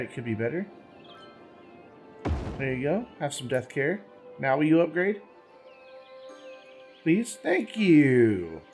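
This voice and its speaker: Man with a lively, low voice, thinking aloud. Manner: thinks aloud while playing, rambling and self-correcting. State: hiccups. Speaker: gaming channel host. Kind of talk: casual let's-play commentary.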